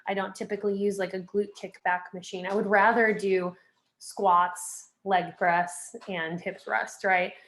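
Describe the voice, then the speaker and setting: A young woman chatting as a podcast guest in a loose, conversational way. Her voice sits at a middling pitch for a woman, and she leans on fillers while handing out frank tips. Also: little pitch movement, measured pace, a bit bright. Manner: chatty, filler-heavy, advice-giving. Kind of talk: casual interview chat.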